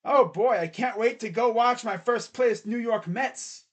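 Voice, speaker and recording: Brief: clueless, eager young patient, as a guy puts him on, high and hopeful. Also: huge pitch swings, fast, exaggerated voice. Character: naive eager male coma patient.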